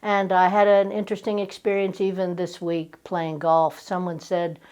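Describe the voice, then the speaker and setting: A woman's voice: lowish voice, flat delivery, moderate pace, darkish tone, clear, resonant tone. A woman from Virginia with a slight Southern accent, giving a conversational sermon talk and telling personal stories. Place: church.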